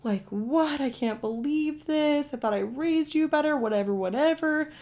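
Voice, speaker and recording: A woman's voice: sits high, normal speed, a little mellow, voice pushed up, lightly acted. A woman quoting her tearful, distraught mother. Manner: tearful, pleading. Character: distraught anti-drug middle-aged mother, crying.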